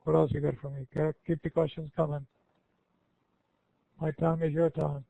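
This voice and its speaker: A man's voice: fairly high pitch, little pitch movement, moderate pace, gravelly, dry recording. An older man giving an informal, rambling question-and-answer talk to students, folksy and often correcting himself. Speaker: guest speaker. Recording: tinny phone-like line.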